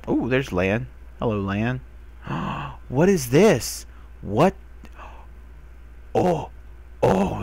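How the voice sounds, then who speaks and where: A young man giving casual commentary while playing a video game, who talks to the animals he finds and gets excited, sometimes swearing. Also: medium pitch, gravelly. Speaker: gamer. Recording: faint background noise.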